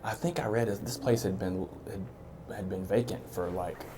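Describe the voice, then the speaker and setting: An easygoing man hosts a casual sit-down chat, keeping it moving with short replies and affirmations. His voice sits on the low side, and he sounds relaxed throughout. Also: normal speed, a crowd in the background. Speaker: show host, interviewer. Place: brewery taproom.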